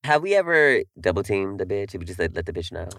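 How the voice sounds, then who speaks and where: Lively low-voiced young man. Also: fast talker, no room sound, clean studio sound. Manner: expressive, dramatic storytelling. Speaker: podcast co-host. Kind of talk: casual chat.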